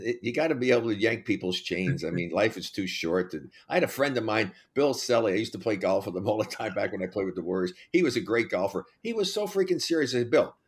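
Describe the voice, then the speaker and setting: A man's voice: fairly low pitch, husky. An older man hosting a casual sports podcast, telling stories in a blunt, joking way with mild cursing. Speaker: host.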